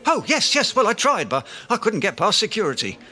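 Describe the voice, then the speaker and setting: An actor playing a pompous, self-deluded aspiring writer who blusters grandly in a comedy audio drama. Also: male voice, sits high, huge pitch swings, brisk, bright, forceful tone, heavily acted. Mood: bluffing. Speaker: comic lead.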